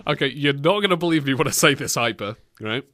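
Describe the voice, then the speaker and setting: Brief: male comedy podcast host, bright lively pitch, dry close sound, mocking. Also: fast, no room sound. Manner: animated, mocking, bursts into silly impressions. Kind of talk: casual comedic banter.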